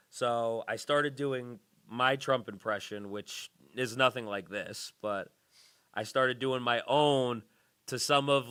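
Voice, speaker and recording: Young guy hosting a podcast, laid back, quick with the jokes, bright voice. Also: medium pitch, smooth. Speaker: podcast host. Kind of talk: casual podcast chat.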